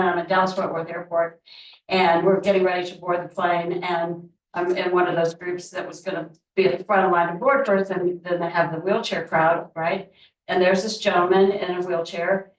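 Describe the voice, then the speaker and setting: A middle-aged woman, a real estate agent, telling a rambling story at a team meeting with lots of restarts. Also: fairly low pitch. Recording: roomy, distant mic.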